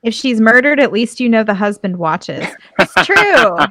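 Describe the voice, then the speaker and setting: A tipsy woman co-hosting a podcast, chatty and quick to react. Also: on the high side, lively intonation, fairly bright tone, no room sound. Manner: chatty, easily amazed reactions. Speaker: podcast co-host. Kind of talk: casual chat.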